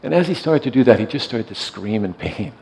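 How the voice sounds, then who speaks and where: A man who works in hospice care, telling a story gently and softly, often checking in with his listener. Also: mid-range voice, animated, a little fast, creaky, rough recording. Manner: soft-spoken, often checks in with "yeah?". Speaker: hospice worker and meditation teacher.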